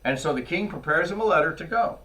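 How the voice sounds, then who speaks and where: A man preaching a sermon in a church, telling scripture stories in a lively way and acting out the characters. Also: a little high, fast talker. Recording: voice from far off the mic.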